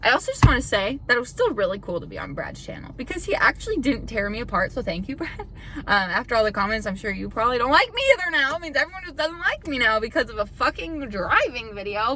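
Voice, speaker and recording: A woman's voice: on the high side, pushed and bright, slight background noise, rough recording. A young woman YouTuber in a casual vlog rant, frustrated and defensive. She swears often and rambles with lots of "like". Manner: rambling with filler "like".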